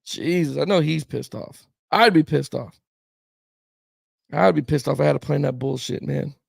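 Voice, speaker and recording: A man hosting a laid-back sports talk stream, riffing on viewer comments and chuckling as he goes. His voice sits high with a gravelly rasp, recorded dry and close. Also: normal speed, no room sound. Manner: rambling, reacting to viewer comments with chuckles, lots of "man" and "bro". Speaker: sports talk show host. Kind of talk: casual sports talk livestream.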